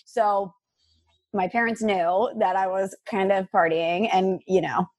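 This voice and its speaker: Podcast co-host, woman, 30s, animated storyteller, mid-range voice. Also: medium pitch, a little slow. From US Midwest. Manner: lively storyteller, acts out quotes. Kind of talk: casual chat, storytelling.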